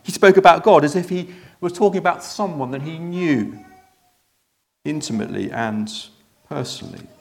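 A preacher acting out a plain churchgoer who used to doze through sermons and now recounts, half-stammering, the day a visiting teacher stunned the room. The voice sits a little high, with a gravelly edge, told as a first-person dramatic monologue within a sermon. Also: male voice, normal speed. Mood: storytelling. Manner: chatty storyteller, hesitant restarts. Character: ordinary man in the congregation, a jaded sermon-dozer left amazed.

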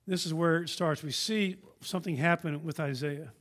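A man preaching a sermon, earnest and emphatic, swinging from raised declarations down to hushed lines, often repeating and restarting words. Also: fairly high pitch, moderate pace. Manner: earnest, emphatic, rising and dropping to a hush.

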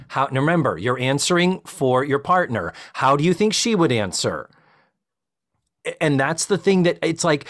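A man co-hosting a podcast in casual comedic chat, explaining things earnestly and laughing often. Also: mid-range voice. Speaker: podcast co-host.

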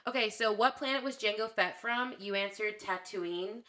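A young woman in a car, casually quizzing a friend and laughing loudly when excited. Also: medium pitch, moderate pace, a crowd in the background. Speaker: quiz host. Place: inside a car.

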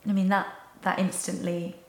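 A woman's voice: lowish voice, little pitch movement, moderate pace, reverberant, slight background noise. A woman co-hosting, chatting casually about listener entries and thinking aloud. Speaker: co-host.

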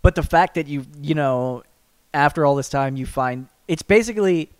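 A man's voice: a little high, normal speed, clean tone, no echo, studio quality. A man appearing as a guest on a podcast, talking loosely and laughing often. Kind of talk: casual chat.

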